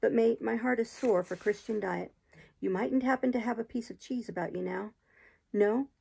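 A woman putting on a rough old marooned sailor. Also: fairly high pitch, moderate pace, mellow, full character voice. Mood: eager. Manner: rough sailor's dialect, eager and sly. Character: wild-eyed marooned old male sailor. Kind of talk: audiobook reading.

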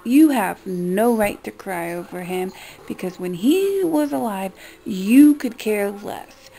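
A woman's voice: mid-range voice, animated, slow, gravelly, dark tone, poor audio. A woman vlogger talking in an upset, profane rant, shocked and ranting. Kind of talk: emotional vlog rant.

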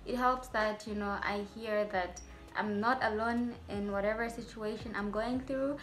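A woman's voice: mid-range voice, fairly even intonation, unhurried, fairly bright tone, a little hiss or hum. A young adult woman, a medical student vlogger, talking to her viewers in a chatty, rambling way with playful asides. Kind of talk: casual vlog talk to viewers.

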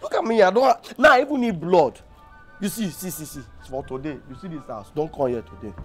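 A young man with a Nigerian accent doing an excitable, pleading, scolding comedy sketch role. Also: on the high side, brisk, faint music behind. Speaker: comic actor. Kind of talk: comedy sketch acting in Pidgin and English.

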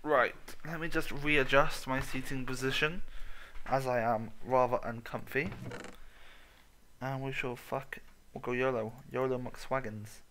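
A man's voice: mid-range voice, steady tone, a little slow, sharp tone, slight background noise. A man giving a goofy, sweary running commentary while playing a video game. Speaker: gaming channel host. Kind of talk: casual let's-play commentary.

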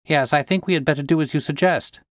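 A crisp, commanding gentleman detective, as a male storyteller puts him on, quick to give orders and sharp of mind. The delivery is raised and energetic, and the recording is dry and close. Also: on the high side, dry recording, pitched above the performer's own voice, lightly acted. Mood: brisk.

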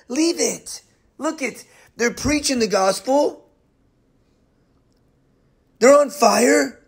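A man preaching a casual verse-by-verse sermon, animated and jokey, often dropping into quick character voices. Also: high-pitched. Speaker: pastor and bible teacher.

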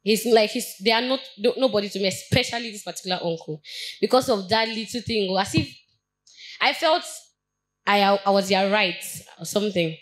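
A woman's voice: mid-range voice, rough recording. Earnest young Nigerian woman testifying. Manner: earnest, halting with frequent restarts and repetitions. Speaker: church member giving testimony. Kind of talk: personal testimony at a Bible study.

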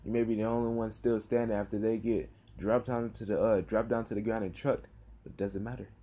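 A teenage boy talking casually to camera in a tired, rambling way, with sighs and halting fillers. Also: on the low side, flat delivery, dark tone, muffled recording. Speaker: vlogger. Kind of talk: casual talk to camera about football practice.

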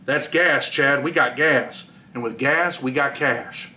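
A man voicing an excitable, scheming male prison bootlegger. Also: medium pitch, slow, recorded from a distance. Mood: triumphant. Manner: eager, scheming.

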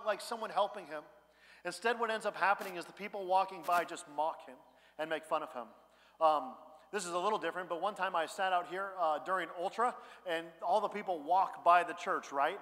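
A male pastor preaching a sermon in a conversational way, dropping quiet and then rising loud. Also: high-pitched, fairly quick. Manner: conversational preaching, swings between hushed and loud. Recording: church hall reverb.

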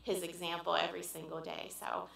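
A woman's voice: on the low side, flat delivery, gravelly, fairly bright tone. Earnest woman speaking in an echoey church. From Pennsylvania. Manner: earnest and heartfelt, many "um" pauses. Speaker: visiting churchgoer addressing the congregation. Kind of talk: informal church speech. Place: church sanctuary.

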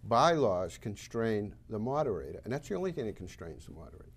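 Self-assured Boston man, a bit low. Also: sing-song, quick pace, slightly rough. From Massachusetts. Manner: emphatic, list-making, self-assured. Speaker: town moderator candidate. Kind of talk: local cable talk show guest.

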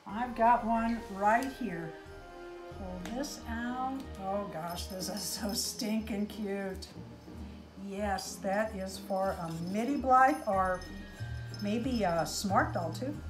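Slow, gushing woman in an echoey room. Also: medium pitch, music in the background. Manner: gushing, exclaims over each gift. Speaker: doll channel host. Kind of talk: casual unboxing chat.

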